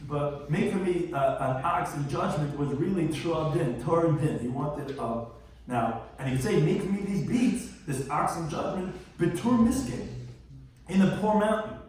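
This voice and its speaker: Here a male rabbi leads a Talmud class, chanting Aramaic phrases one line at a time before explaining them simply with little jokes. His fairly high voice is a bit mellow and moderately paced, captured by a distant mic in a very echoey room.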